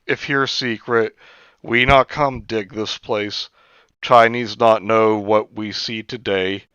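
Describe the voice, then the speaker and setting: Man doing a blunt insistent woman digger, choppy broken English, slow and low, dull dry lo-fi sound. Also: fairly even intonation, pushed and bright, clean tone, no room sound. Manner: clipped broken grammar, insistent.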